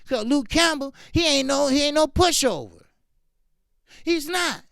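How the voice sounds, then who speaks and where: A man with a very high-pitched, fairly bright voice speaks in an animated yet unhurried way, in a dry recording with clean studio sound. He hosts a boxing talk stream, doing live-stream commentary and reading chat, greeting viewers while ranting fiercely with lots of repetition and profanity.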